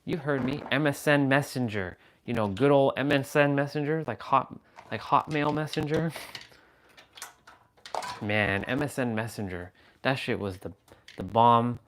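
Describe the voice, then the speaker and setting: A man's voice: mid-range voice, unhurried, a bit bright, slight background noise. A man hosting a live stream, rambling casually and playfully as he chats with his viewers. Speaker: livestream host.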